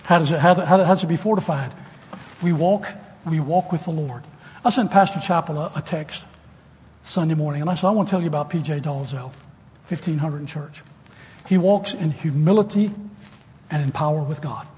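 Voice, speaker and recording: An older man preaching a sermon to students, folksy and storytelling, rising now and then to loud emphasis. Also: on the high side, fairly quick. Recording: long hall reverb, faint room noise.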